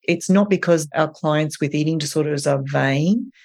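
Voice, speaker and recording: An eating disorder clinician on an interview, explaining in a gentle, earnest way, step by step. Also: mid-range voice, moderate pace. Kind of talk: advice in an interview.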